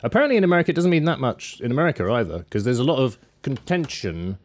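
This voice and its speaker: A man's voice: medium pitch, racing. A man co-hosting a casual tech chat, joking and telling stories. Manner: joking, animated storytelling. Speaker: podcast co-host.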